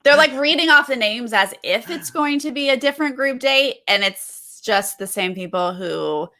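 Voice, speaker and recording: Bright-voiced animated woman co-host. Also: high voice, normal speed. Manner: animated, acts out quotes. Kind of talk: casual recap chat.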